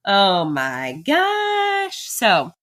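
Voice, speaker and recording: A woman in her thirties hosting a podcast, sharing a personal story candidly and with animation, laughing often as her pace swings between rushed and slow. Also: medium pitch, wildly swooping pitch, a bit bright. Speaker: podcast host.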